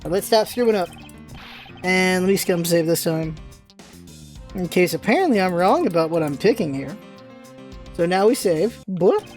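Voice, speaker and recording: A woman's voice: fairly low pitch, lively intonation, darkish tone, faint music behind. Chatty woman playing a game. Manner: chatty, self-mocking, quick exclamations. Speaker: let's play host. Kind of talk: casual game commentary.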